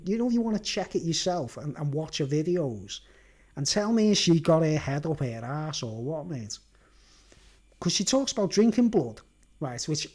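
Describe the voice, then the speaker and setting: A warm, high-pitched male voice carries this video blogger's casual, rambling rant. He laughs a lot and keeps tacking "right?" and "mate" onto his sentences.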